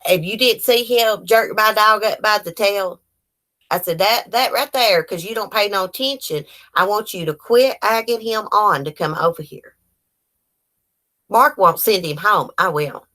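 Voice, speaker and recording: A woman, chatting casually on a livestream and telling animated stories full of quoted dialogue. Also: medium pitch, measured pace. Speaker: livestream host.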